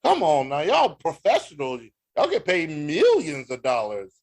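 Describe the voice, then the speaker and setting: Lively American man, joking sports talk. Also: a little high, measured pace. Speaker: podcast co-host. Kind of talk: casual sports chat.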